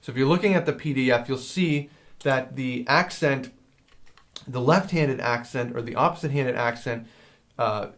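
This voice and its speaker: A man's voice: mid-range voice, normal speed, a bit bright. Hesitant man explaining drum technique. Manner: hesitant, rambling explanations with many fillers. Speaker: drum teacher. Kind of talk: casual spoken drum lesson. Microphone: handheld field recorder.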